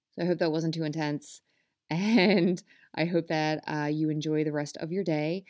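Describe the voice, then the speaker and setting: A woman's voice: sits low, fairly even intonation, normal speed, a little mellow. A woman hosting a self-help talk, speaking to listeners in an earnest, passionate way. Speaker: self-help podcast host.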